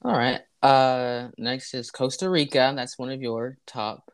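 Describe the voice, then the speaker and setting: A man co-hosting a relaxed podcast in a mid-range voice. He speaks in a mock-formal, playful way and often trails off mid-thought. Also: medium pitch, measured pace, smooth. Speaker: podcast co-host. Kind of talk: casual comedic banter.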